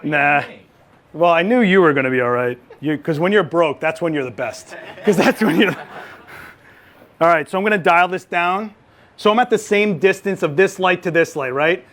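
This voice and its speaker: A man running a live photography lighting demo, chatty and joking, with quick asides. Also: fairly high pitch, fairly bright tone. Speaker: photography instructor.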